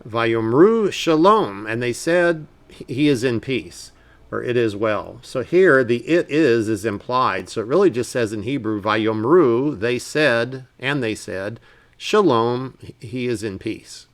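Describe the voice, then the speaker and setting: Relaxed man teaching Hebrew verses. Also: medium pitch. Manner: reads verses slowly, then explains in relaxed asides. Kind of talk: casual Bible Hebrew lesson.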